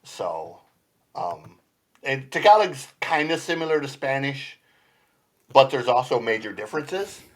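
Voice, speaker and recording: A man's voice: mid-range voice, sing-song, measured pace. A man in casual chat as a podcast guest, rambling and laughing often between points. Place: home basement room.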